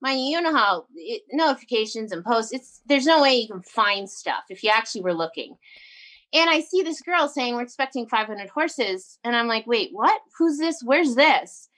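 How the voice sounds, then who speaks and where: A woman telling a personal story in a casual interview, animated and emphatic, acting out her own quoted lines. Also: fairly high pitch, normal speed. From Canada. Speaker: guest entrepreneur.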